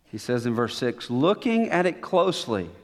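A man preaching a sermon with dramatic pauses and emphatic repetition, in a church sanctuary. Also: mid-range voice, big pitch swings, big-room sound. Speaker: pastor.

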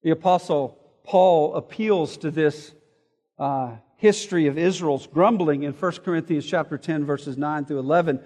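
A man preaching an expository sermon, explaining word meanings and reading scripture aloud, moving between loud emphasis and quiet asides. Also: fairly high pitch, normal speed. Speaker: pastor. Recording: hall reverb.

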